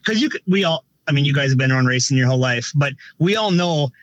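A man's voice: medium pitch, expressive, fast talker, no echo, dull audio. A man who directs races, talking casually on a podcast, rambling with frequent restarts and filler phrases. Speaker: race director.

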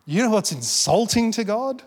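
A man preaching a sermon, swinging from loud urging to hushed storytelling. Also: high voice, very animated, normal speed, breathy edge, long reverb tail. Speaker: pastor.

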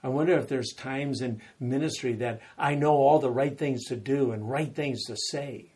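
A man preaching a sermon, retelling scripture as animated storytelling and acting out the quoted lines with rising intensity. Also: medium pitch, normal speed, breathy edge.

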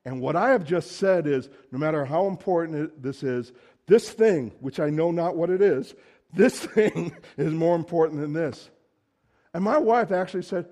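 Conversational male preacher, fairly high voice. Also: animated, normal speed, warm tone. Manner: conversational, emphatic, acts out quotes. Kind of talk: sermon.

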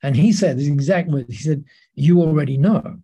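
A man as a podcast guest telling lively anecdotes in a casual interview, with many restarts. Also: a little high, moderate pace, slightly rough.

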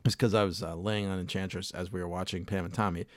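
A man with a fairly low voice hosts a casual podcast chat, rambling from one thought to the next and swearing easily. His voice sits close and dry on the mic, with no room sound at all. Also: flat delivery, fast, no room sound. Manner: rambling, profane, laid-back. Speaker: podcast host.

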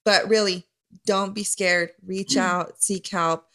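A woman's voice: medium pitch, fairly even intonation, takes it slowly, fairly bright tone. A woman with a nasal voice hosting a podcast in casual chat, talking earnestly and encouragingly, with many ums and restarts. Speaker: podcast host.

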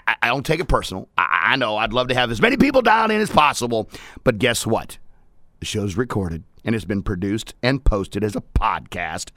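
A male radio host talks in a bright, forceful way with a scratchy, strained edge to his voice. He jokes, rhymes and restarts his sentences. The sound is dry and close. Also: medium pitch, no room sound. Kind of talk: energetic radio talk.

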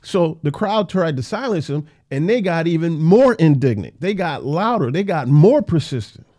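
A man's voice: fairly high pitch, big pitch swings, normal speed, dark tone. A man teaching the Bible verse by verse in a conversational way, repeating phrases for emphasis.

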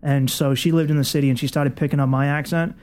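A man's voice: a little high, fairly even intonation, quick pace, darkish tone. Wry South Boston comedian man. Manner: wry, sardonic riffing. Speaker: comedian guest. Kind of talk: casual radio chat.

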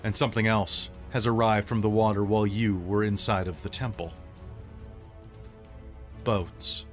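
A man's voice: lowish voice, fairly even intonation, unhurried, faint music behind. Man narrating a tabletop game dramatically. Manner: dramatic narration in short phrases. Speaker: game master.

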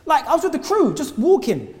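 A young man with a London accent, a performing artist, chatting as a guest and telling stories in a lively way, acting out the dialogue. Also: very high voice, brisk. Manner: animated, laughing, acts out dialogue. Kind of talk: casual storytelling chat. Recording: roomy hall reverb.

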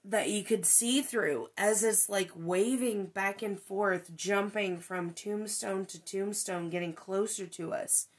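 A woman's voice: mid-range voice, slow, few pauses, breathy edge. Woman podcaster telling a spooky story, lots of ums and likes, swears when she gets worked up. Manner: animated, many fillers, swears when excited. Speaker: podcast host. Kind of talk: casual storytelling chat.

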